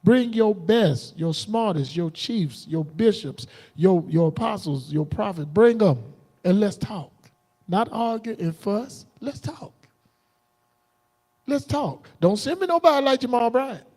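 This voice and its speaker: Defiant preacher man, high and dark-toned. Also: animated, measured pace. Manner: defiant, combative, preachy with sudden high outbursts. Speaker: preacher streaming live. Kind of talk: livestreamed sermon rant.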